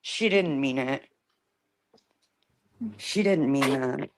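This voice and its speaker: A woman on a live-stream panel, talking as a soothing peacemaker with soft laughs. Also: very deep voice, slow pace, a little hiss or hum.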